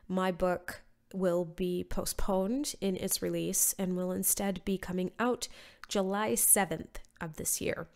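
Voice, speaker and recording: A woman in her thirties hosting a solo podcast, sounding nasal from allergies, blunt and sarcastic with casual swearing. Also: lowish voice. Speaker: podcast host.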